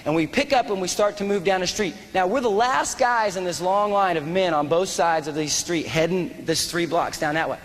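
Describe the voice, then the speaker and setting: A man from the United States giving a fundraiser speech, telling a war story in an animated way and acting out the dialogue. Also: high-pitched, normal speed, hardly any pauses, big-room sound. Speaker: guest speaker, former soldier. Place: large hall at a fundraiser.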